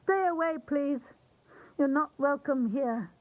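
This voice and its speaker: A woman's voice: sits high, unhurried, narrow, tinny audio. A fearful haunted girl. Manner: soft and hesitant, fearful. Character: lonely girl haunted by her father.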